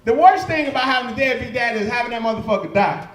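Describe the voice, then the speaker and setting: Young male comic, high pitch, brash profane storyteller, roomy live-club sound with faint hiss. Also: rapid-fire. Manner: loud, profane storytelling with shouted punchlines. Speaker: stand-up comedian. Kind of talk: live stand-up set. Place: comedy club stage. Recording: echoey live club room.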